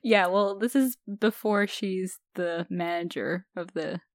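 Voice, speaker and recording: A woman's voice: on the low side, measured pace, dry recording, studio quality. A woman co-hosting a podcast, chatting casually with fillers and frequent giggles. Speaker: podcast co-host. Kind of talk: casual chat.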